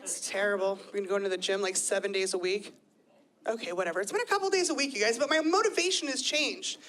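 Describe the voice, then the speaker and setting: A woman's voice: mid-range voice, quick pace. A woman in her thirties doing chatty, self-deprecating live stand-up comedy on a club stage. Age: 30s. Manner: chatty, self-deprecating, lively with quoted voices. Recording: live club audio with crowd laughter.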